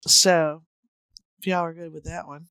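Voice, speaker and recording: A woman's voice: deep voice, level tone, measured pace, sharp tone. A woman hosting a podcast in loose, casual chat, full of fillers. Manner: loose, chatty, lots of fillers and laughs. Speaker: podcast host.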